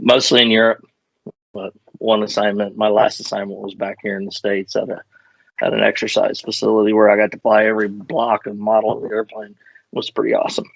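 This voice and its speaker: A man's voice: lowish voice, creaky, no room sound. An older man, a retired fighter pilot, telling stories in a casual interview and wandering off on tangents with self-deprecating humor. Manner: rambling, self-deprecating, digressive. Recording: muffled lo-fi audio.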